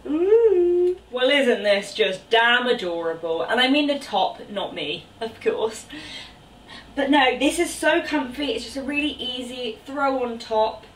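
A woman's voice: a little high, unhurried, a bit bright, slight background noise. A woman, chatting and exclaiming bubbly through a clothing try-on haul. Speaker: fashion vlogger. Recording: roomy, distant from the mic.

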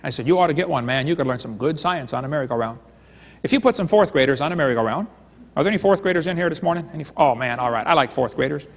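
A man's voice: fairly high pitch, lively intonation, racing. A man giving a live seminar lecture, telling stories and jokes and acting out his dialogues. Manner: joking storyteller, retelling dialogues. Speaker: creationist seminar speaker. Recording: long hall reverb.

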